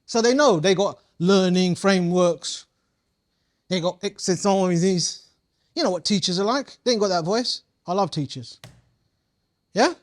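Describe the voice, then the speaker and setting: Speaking a little slowly and pausing often, this man has a high-sitting voice. He's a community coaching trainer leading a live workshop, slangy and playful, firing questions at his audience along the way.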